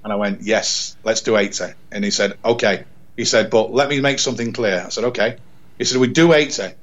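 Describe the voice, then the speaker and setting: A man's voice: on the low side, a little fast, dull audio. Rambling English man telling a story. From England. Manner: rambling, repeats words, acts out quoted dialogue. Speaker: radio presenter, podcast guest. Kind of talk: animated storytelling in casual chat.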